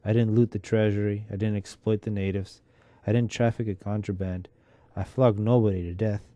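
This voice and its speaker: A bitter, mocking middle-aged Russian clerk, worn down by illness, holds forth in a sardonic, lecturing drawl, as a man reads him out in a storybook telling. The voice is very dark and mellow, a little low, and sits close and dry with no room around it. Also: steady tone, moderate pace, dry recording, dull audio, natural voice.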